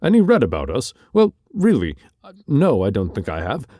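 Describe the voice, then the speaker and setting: A man's voice: fairly low pitch, sing-song, fairly quick, darkish tone, no room sound, clean studio sound. A man reading an audiobook, voicing an embarrassed, over-polite Englishman. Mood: flustered.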